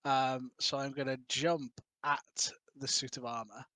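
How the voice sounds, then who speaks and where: Bright-voiced male player, dry sound. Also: mid-range voice, flat delivery, a little slow, no echo. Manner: questioning, reads out rules. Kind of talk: casual tabletop play.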